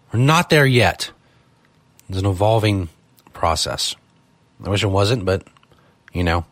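A man's voice: lowish voice, fairly bright tone, dry recording. A man hosting a live studio show, talking casually in a profane, exasperated ranting manner. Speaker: podcast host.

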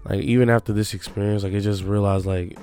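Halting young man, low voice. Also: steady tone, dark tone, soft background music. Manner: halting, reflective, restarting sentences. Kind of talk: emotional personal confession.

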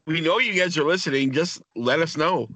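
A man's voice: on the high side, a little fast, bright, forceful tone. A young man co-hosting a casual podcast, teasing and needling his friends in crude banter. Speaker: podcast co-host.

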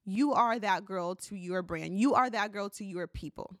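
A woman's voice: mid-range voice, normal speed, no echo, clean studio sound. Encouraging woman podcaster, cracking voice. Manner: encouraging, repeats "okay?" to the listener. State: voice keeps cracking. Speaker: podcast host. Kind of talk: motivational solo podcast talk.

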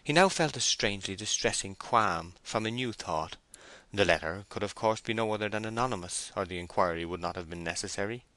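A man narrates a classic novel as an audiobook. He reads in a measured, even way with a deep, bright voice. The recording is dry and close. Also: no room sound.

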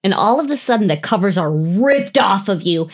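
A woman's voice: mid-range voice, expressive, normal speed. A young adult woman hosting a casual podcast, telling a spooky story in the second person with playful drama and the odd swear. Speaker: podcast host.

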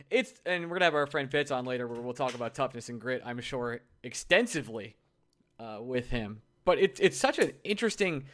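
Animated, joking man co-hosting a podcast. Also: medium pitch. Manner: animated, joking, self-deprecating. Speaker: podcast co-host. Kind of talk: casual sports talk.

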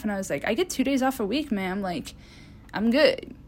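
A woman's voice: fairly high pitch, expressive, fairly quick. A woman in her twenties hosting a podcast, rambling through casual stories with laughs and casual swearing, recorded on a phone. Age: 20s. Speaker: podcast host. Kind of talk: casual solo chat.

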